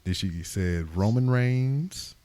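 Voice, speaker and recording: A man hosting a podcast, telling stories in casual chat with lots of swearing and animated retelling. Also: lowish voice, takes it slowly, smooth, no room sound. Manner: profane, animated storytelling. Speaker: podcast host.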